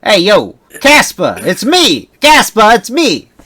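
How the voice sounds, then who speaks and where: A brash cartoon ghost boy who talks like a street-corner mobster, pushy and insistent, as a man puts him on. His voice jumps up high and loud, lively and swinging from word to word. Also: takes it slowly, husky, no echo, heavily acted. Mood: tough-talking. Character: tough-talking gangster-style cartoon ghost boy.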